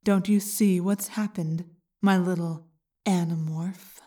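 A woman voicing a gloating male alien parasite in an audiobook, slow and mocking. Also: on the low side, steady tone, warm tone, distant mic. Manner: slow, taunting, smug. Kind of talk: audiobook character reading.

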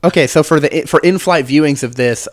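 A man's voice: on the high side, brisk, dry recording. A man co-hosting a casual movie podcast who leads the talk, laughing often between points. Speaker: podcast co-host. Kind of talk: casual chat about movies.

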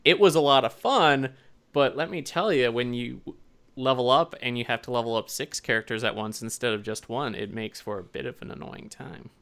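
An animated man co-hosting a relaxed podcast chat, joking and telling long stories. His voice is bright and forward, with a smooth, clear ring. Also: medium pitch, moderate pace. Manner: animated, joking, rambling storyteller. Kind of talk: casual chat.

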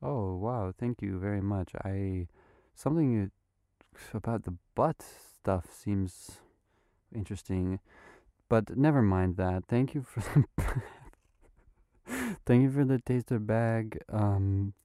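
A man's voice: on the low side, slow, warm tone, no echo, studio quality. A young man in an improvised comedy sketch, speaking with overly polite, formal phrasing and rambling on. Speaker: podcast host in character.

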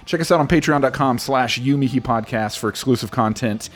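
A man's voice: medium pitch, a little fast. A man hosting a podcast in a casual, easygoing way, often chuckling and using fillers. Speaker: podcast host.

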